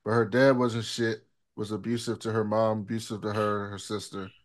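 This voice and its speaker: A man's voice: lowish voice, flat delivery, moderate pace. A man co-hosting a casual podcast recap of a TV episode, laid-back and profane, retelling scenes with quoted dialogue. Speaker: podcast co-host.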